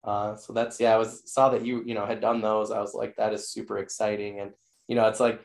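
Male podcast host, hoarse, fry-heavy low voice, rambling and enthusiastic. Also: little pitch movement, a little fast, darkish tone. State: losing his voice. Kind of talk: casual interview wrap-up.

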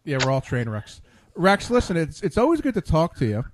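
A man's voice: on the high side, huge pitch swings, a little fast, background noise. A man hosting a casual late-night talk show, rambling off on tangents with many restarts. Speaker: podcast host.

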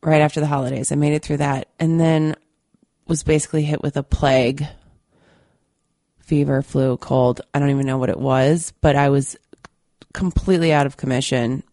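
A woman's voice: low-pitched, steady tone, moderate pace, mellow, no room sound, clean studio sound. A woman hosting a podcast, talking candidly and earnestly to her listeners, still a little stuffy from a cold. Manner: candid and earnest, with many fillers. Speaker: podcast host. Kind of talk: casual monologue to listeners.

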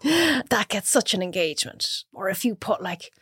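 An Irish woman chatting as a podcast guest, telling lively stories and acting out her own reactions. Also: mid-range voice, normal speed, breathy edge, no echo, studio quality. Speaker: guest cook. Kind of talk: casual chat.

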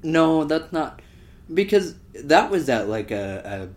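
A man's voice: fairly high pitch, big pitch swings, slow pace. A man co-hosting a podcast, talking casually and joking with easy laughter. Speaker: podcast co-host. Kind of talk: casual chat.

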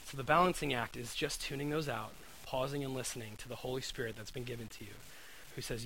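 A man's voice: mid-range voice, fairly even intonation, quick pace, pushed and bright, a little hiss or hum, poor audio. A man preaching a conversational sermon, earnest, often repeating words and asking his listeners "right?".

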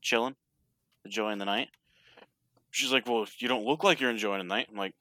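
A man with a low but bright, forceful voice tells a story in easygoing conversation and swears casually. The recording is dry and close-miked. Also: normal speed, long pauses, no room sound. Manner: laid-back, profane storyteller. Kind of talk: casual chat.

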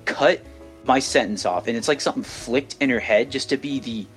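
A man's voice: medium pitch, moderate pace, a bit bright, soft background music. A young man co-hosting a podcast, telling a story in casual chat, rambling with many restarts. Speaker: podcast co-host.

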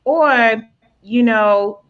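A woman's voice: fairly high pitch, drawn-out words. A woman hosting a casual interview, asking long, thoughtful questions with many fillers. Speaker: interview host. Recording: dull lo-fi audio.

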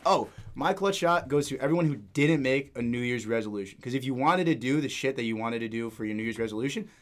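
Brief: a fast-talking man hosting a podcast, blunt and joking. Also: mid-range voice, lively intonation. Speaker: podcast host. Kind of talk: casual chat.

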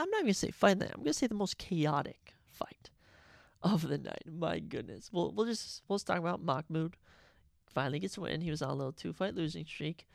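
A man's voice: high voice, vocal fry, dry recording, clean studio sound. A man hosting a podcast, giving a casual solo fight recap in a rambling, opinionated way and often correcting himself. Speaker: podcast host.

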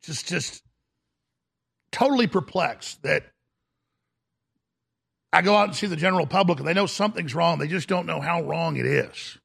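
A man's voice: on the high side, normal speed, creaky, long pauses, a bit bright, breathy edge. A man hosting a talk radio show, delivering an indignant, mocking rant. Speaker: radio host.

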